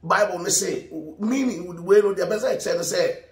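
A man's voice: sits high, moderate pace, reverberant. A Ghanaian man preaching a sermon, mixing Twi and English, emphatic, with laughs. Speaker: pastor.

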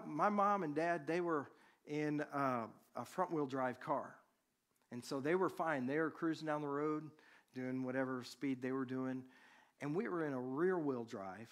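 A man preaching, a pastor telling a personal story to his congregation in a conversational, animated way. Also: on the high side.

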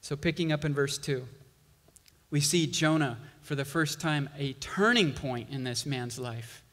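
A male pastor preaching a sermon, slow and emphatic, building intensity on key lines. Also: medium pitch, a bit bright, big-room sound.

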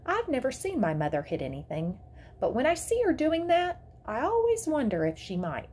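A woman teacher reading a children's novel aloud to her class with expressive storytelling. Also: high voice, normal speed, breathy edge.

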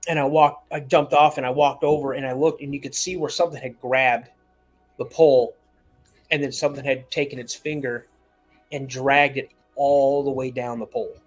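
A man's voice: medium pitch, flat delivery, moderate pace, faint music behind. A man calling in to a show, telling a long personal story in a rambling way, repeating words and acting out the voices of people he quotes. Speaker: caller.

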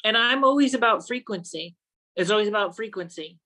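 A woman talks as a podcast guest and works as a psychic. She tells stories in a playful, animated way and stays chatty throughout, in a mid-range voice. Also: medium pitch, fairly quick. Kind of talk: casual conversational chat.

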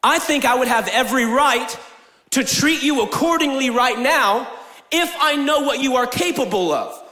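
A young male pastor with a high voice preaches in a big church hall where every word rings off the walls. He jokes and teases, then climbs into loud, emphatic declarations before dropping to near-whispered asides. The delivery stays lively and theatrical. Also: moderate pace. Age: young adult. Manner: animated, shifts between loud proclaiming and quiet asides. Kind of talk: energetic sermon with jokes.

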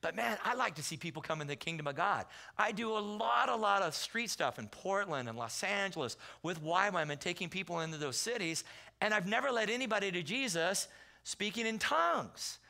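A man preaching a sermon in a Southern California accent. He tells stories in a loose, conversational way and acts out the quotes in loud bursts. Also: high-pitched, expressive, brisk, creaky. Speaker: pastor. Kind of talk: sermon with storytelling. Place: church sanctuary.

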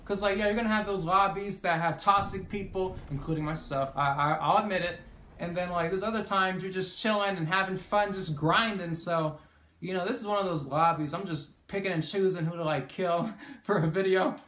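Casual gaming commentator, mid-pitched, excitable and foul-mouthed, echoey room recording. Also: brisk. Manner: excitable, swears often, shouts at big moments.

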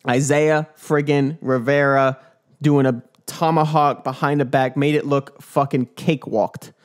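A man's voice: medium pitch, fairly even intonation, unhurried. A young man hosting his own dunk podcast, talking casually in a hyped, joking, swearing bro manner. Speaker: dunk vlogger and podcast host. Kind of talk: casual rambling podcast monologue.

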